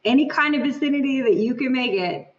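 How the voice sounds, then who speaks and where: A woman's voice: sits high, lo-fi sound. A woman in her thirties answering interview questions casually, playful and laughing easily. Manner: laughing, playful, slow and deliberate. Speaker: podcast guest.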